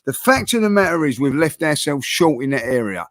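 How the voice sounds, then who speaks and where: A man's voice: fairly high pitch, a little fast, dry recording. A man hosting a casual football debate with his co-hosts, talking passionately and full of fillers and restarts. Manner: passionate, animated, heavy use of fillers and restarts. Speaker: host of a football fan channel.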